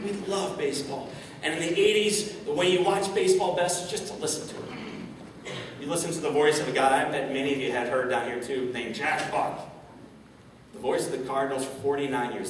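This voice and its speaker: Hombre en una sala con mucho eco. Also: male voice, medium pitch, noisy background. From St. Louis, Missouri, USA. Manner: stammering repeats, frequent rhetorical questions. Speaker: motivational speaker. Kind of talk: inspirational keynote talk. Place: large event hall, indoors. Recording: echoey hall, speaker far from mic.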